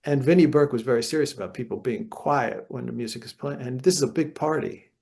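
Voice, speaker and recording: Older man telling gravelly, animated stories. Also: medium pitch, fairly quick. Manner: animated anecdotes, acts out voices. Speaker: guest jazz guitarist. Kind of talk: storytelling interview.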